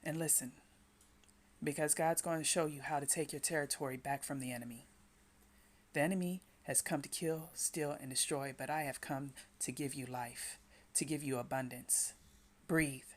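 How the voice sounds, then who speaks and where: A woman speaking as a Christian inspirational speaker, giving a slow, repetitive devotional talk that urges the listener to breathe and pray. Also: low voice, steady tone.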